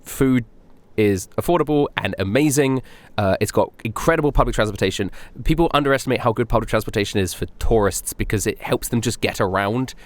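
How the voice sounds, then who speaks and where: A man's voice: mid-range voice, fairly quick, hardly any pauses, no room sound. A young man from Europe co-hosting a podcast, rambling through travel stories with laughs and acted-out voices. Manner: rambling anecdotes, laughing, acting out other people's lines. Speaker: podcast co-host. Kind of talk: casual chat.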